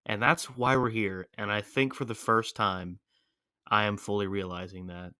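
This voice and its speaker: A man's voice: on the low side, steady tone, moderate pace, sharp tone, clear, resonant tone, no echo, studio quality. A young man co-hosting a film podcast, talking earnestly and loosely with lots of fillers. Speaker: podcast co-host. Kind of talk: casual film chat.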